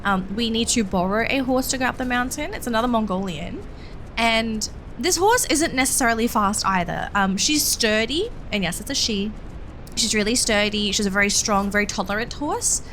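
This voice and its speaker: A woman's voice: a little high, animated, moderate pace, a bit bright, slight background noise. Chatty woman streaming a horse game. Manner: chatty, addresses viewers, frequent ums. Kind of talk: casual let's-play commentary.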